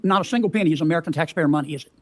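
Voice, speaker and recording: A man's voice: a little high, racing. A man questioning a witness at a hearing, folksy, pressing with leading tag questions.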